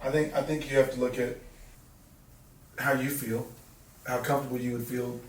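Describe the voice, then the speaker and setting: A man's voice: medium pitch, level tone, moderate pace. Laid-back joking male singer guest. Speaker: singer-songwriter and actor guest. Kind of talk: relaxed interview chat. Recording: roomy sound from a distant mic.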